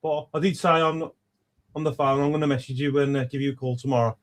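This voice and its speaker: A man hosting a phone-in chat, excitable, affectionate and swearing freely. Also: mid-range voice, quick pace. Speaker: host. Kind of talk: casual chat.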